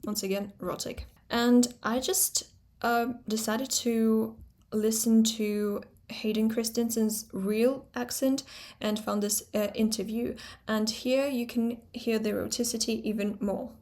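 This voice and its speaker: A woman teaching a pronunciation lesson, thinking aloud with fillers and slowly repeating sounds to show them. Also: on the high side, steady tone, a little mellow. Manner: talks things through aloud, pausing on fillers and repeating sounds slowly to demonstrate. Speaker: phonetics teacher.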